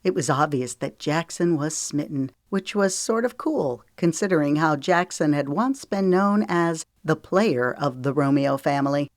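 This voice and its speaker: A woman narrating a romance audiobook in a calm, measured way. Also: low-pitched, no echo, clean studio sound. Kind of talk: scripted narration.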